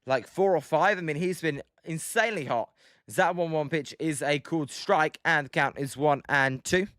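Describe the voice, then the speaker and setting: A young British man hosting a live stream, calling each pitch and chatting with viewers in the chat. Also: normal speed, a bit bright, no room sound, studio quality. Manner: chatty, reads chat aloud between pitch calls. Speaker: livestream host. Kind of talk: live play-by-play commentary with chat.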